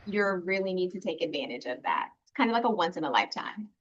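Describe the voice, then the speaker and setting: A woman's voice: lowish voice, big pitch swings, quick pace, lo-fi sound, a little hiss or hum. A woman alumna speaking earnestly and reflectively in a casual online panel, with many fillers. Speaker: program alumna. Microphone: video call.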